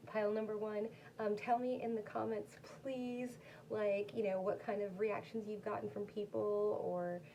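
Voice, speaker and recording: A tarot reader gives a casual, rambling card reading, chatting to her viewers and talking to her dog between cards. Her medium-pitched voice is warm and level at a moderate pace, though the audio is poor.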